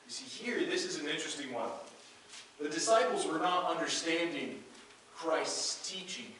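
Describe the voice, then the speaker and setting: A pastor preaching a sermon, reading scripture aloud and earnestly repeating key phrases. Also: male voice, on the high side, animated, a little slow, pushed and bright, slight background noise. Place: church sanctuary. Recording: very echoey church hall, mic far off.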